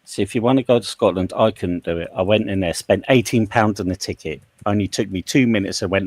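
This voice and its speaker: A man's voice: lowish voice, fast talker, hardly any pauses, a little mellow, dry recording. A man in a casual group voice chat, telling stories in a rambling way and correcting himself as he goes. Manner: rambling, self-correcting storyteller.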